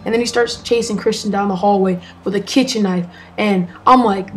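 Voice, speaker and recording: A woman tells a story in a chatty, rambling way, with lots of "um" and "like" fillers. Her voice sits at a middle pitch, with faint music underneath. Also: fairly even intonation, brisk, rough recording. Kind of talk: casual storytelling vlog.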